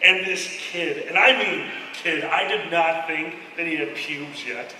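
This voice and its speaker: A man with a high, bright voice tells a wild comic story, acting out every quote. He swears freely and laughs along. He is heard from far off in a big echoing hall with a long reverb. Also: measured pace, a little hiss or hum. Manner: animated, acts out quotes, swears, laughs often.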